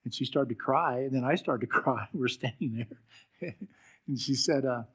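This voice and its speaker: A man's voice: mid-range voice, husky. Man preaching a sermon, telling a story. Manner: storytelling, asks the congregation direct questions; closes in a slow, soft prayer. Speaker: pastor. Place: church.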